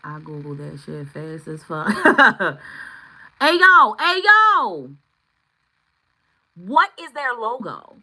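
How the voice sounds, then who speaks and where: A woman doing a live tarot reading, chatting with viewers, excitable and swearing freely. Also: mid-range voice, slow pace, pauses often, rough recording. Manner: excitable, swearing, bursts into shouts. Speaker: tarot reader.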